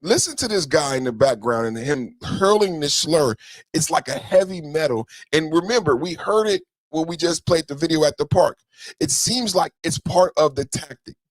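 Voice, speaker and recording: A man's voice: on the high side, lively intonation, normal speed, dry recording. Dry-voiced man ranting on a podcast. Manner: rambling, repeats phrases, builds an argument. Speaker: podcast host. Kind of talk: ranting reaction commentary.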